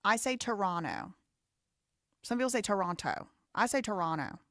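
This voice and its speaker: A woman's voice: fairly high pitch, animated, racing, pushed and bright, no echo, clean studio sound. A woman host giving teasing, wry reaction commentary on a live show.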